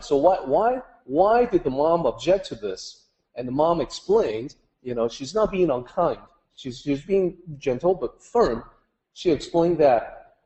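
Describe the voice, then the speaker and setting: Man, mellow voice, Daoist teacher, chatty storytelling to a group, fills with "you know". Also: a little high, animated, measured pace, low-quality recording. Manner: conversational, many "you know" asides; acts out quoted voices in story.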